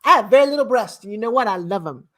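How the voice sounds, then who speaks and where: A woman's voice: a little high, lively intonation, fast talker. A middle-aged woman giving a blunt, emphatic motivational talk as a guest speaker and mentor. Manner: blunt and emphatic, with sharp swings in loudness.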